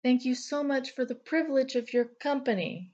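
A woman's voice: a little high, animated, normal speed, warm tone, lo-fi sound, voice pushed up, natural voice. A woman voicing an arrogant, sarcastic male elemental king who speaks in a curt, contemptuous, mocking way. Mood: scornful.

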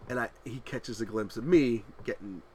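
A man in his thirties co-hosting a podcast, telling animated family stories in casual chat and laughing loudly at them. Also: mid-range voice, normal speed, breathy edge. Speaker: podcast co-host.

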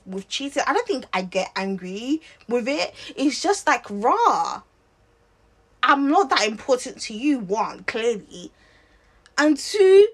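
A young woman with a somewhat high, husky voice rants to camera in a vlog. She gives an impassioned opinion, firing off rhetorical questions and frequently restarting her sentences.

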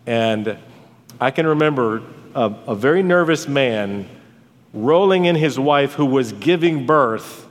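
A man's voice: medium pitch, lively intonation, unhurried. A man preaching a sermon as pastor, earnest and conversational, with storytelling asides. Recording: long church hall reverb.

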